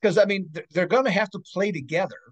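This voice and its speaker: A man's voice: sits high, fast, dry recording. A man co-hosting a sports betting podcast, talking casually and emphatically, often ending points with "okay?".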